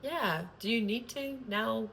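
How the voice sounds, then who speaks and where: A woman's voice: fairly high pitch, slow, gravelly, fairly bright tone, slight background noise. A woman talking to camera in a loose, rambling monologue, earnest and sprinkled with swearing. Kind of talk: casual spontaneous monologue.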